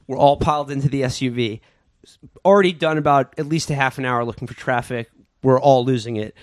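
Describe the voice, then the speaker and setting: A man from New York hosting a casual podcast, telling stories in quick bursts and acting out quotes. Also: mid-range voice, no echo.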